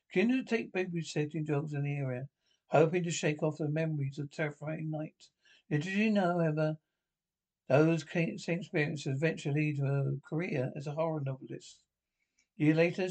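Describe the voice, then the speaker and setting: Gravelly husky man reading a spooky tale. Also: fairly high pitch, darkish tone. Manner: halting, stumbling reading. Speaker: narrator.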